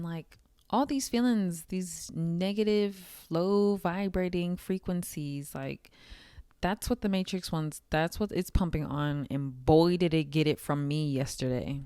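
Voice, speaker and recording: A woman's voice: lowish voice, a little mellow, smooth, dry recording. A woman talking candidly to camera in a casual vlog, swearing now and then and laughing often. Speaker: vlogger.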